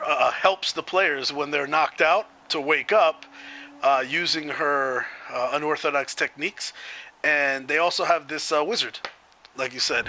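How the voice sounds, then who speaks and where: A man's voice: a little high, bright, forceful tone, a little hiss or hum, poor audio. A man commentating a video game match in a chatty way, laughing easily.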